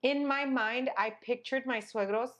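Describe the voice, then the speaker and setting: Expressive young woman telling a story. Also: on the high side, unhurried, dull audio. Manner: expressive, dramatic storyteller who acts out the people she quotes. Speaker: podcast co-host. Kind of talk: casual storytelling chat.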